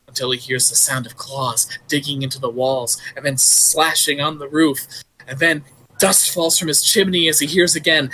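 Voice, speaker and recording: A man narrating a tabletop game as game master, telling a story with animated sound effects. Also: on the high side, husky, low-quality recording.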